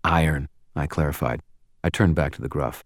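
Deep-voiced man narrating an audiobook. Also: a little fast, no room sound, clean studio sound. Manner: sardonic, wisecracking in dialogue. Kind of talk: first-person audiobook narration.

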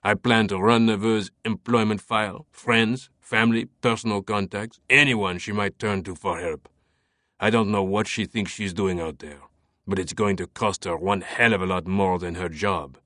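A man's voice: on the low side, steady tone, normal speed, pushed and bright, no room sound, studio quality. A man voicing a commanding male police captain who gives clipped, curt orders in an audiobook. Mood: harsh. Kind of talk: audiobook character voice.

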